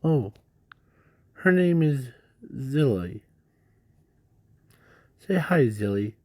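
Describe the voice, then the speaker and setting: A man slowly narrating an improvised fan story, halting often with restarts and fillers. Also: mid-range voice, animated, a little mellow, no room sound.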